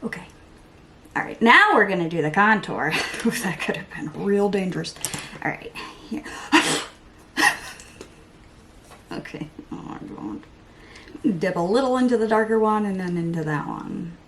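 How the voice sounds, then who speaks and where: A talkative woman doing her makeup and chatting away to her viewers, joking at her own expense as she goes. Her pitch leaps up and down as she talks. A faint background hum sits under her voice. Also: lively intonation, measured pace, pauses often, a bit bright. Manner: rambling, self-mocking, breaks into playful voices and laughs. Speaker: beauty vlogger. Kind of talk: chatty get-ready-with-me vlog.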